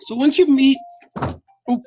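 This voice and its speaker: A man's voice: very high voice, steady tone, unhurried, mellow, faint music behind, poor audio. A man in his forties, a cartoonist, casually telling an enthusiastic, rambling anecdote with frequent laughs. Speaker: cartoonist host. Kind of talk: casual storytelling while drawing. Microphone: camera mic.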